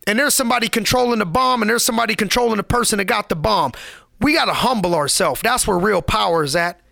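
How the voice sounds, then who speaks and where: A man's voice: sits high, fast talker, gravelly, pushed and bright, dry recording, studio quality. A man giving a motivational podcast monologue, preachy and emphatic, repeating lines for effect in casual street slang.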